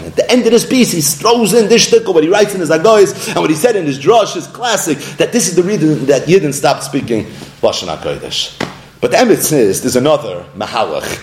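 A man giving a Torah lesson in an animated way, acting out the people he quotes and weaving in Hebrew and Aramaic terms. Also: a little high, a little fast. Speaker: Torah teacher.

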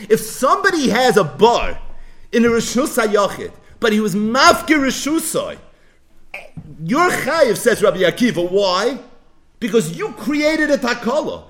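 A man with a fairly high voice teaches a Talmud lesson. His pitch swings widely as he throws out questions and answers them at once. He keeps the delivery lively and emphatic. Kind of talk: animated Talmud lecture.

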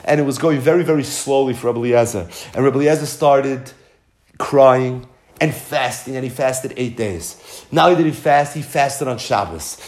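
A man teaching as a rabbi, telling a Torah story with mounting passion and many Hebrew terms, his voice climbing high at the peaks. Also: a little fast. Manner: builds to excited high-pitched emphasis, peppered with Hebrew terms. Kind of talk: impassioned Torah storytelling lesson.

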